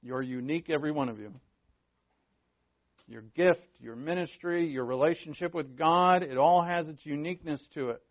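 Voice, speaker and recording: A man preaches a sermon to his congregation in an easy, conversational manner, throwing in jokes along the way. His voice sits a little higher than most men's. The recording is muffled and lo-fi, probably from a church. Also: normal speed. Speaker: pastor. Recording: dull lo-fi recording.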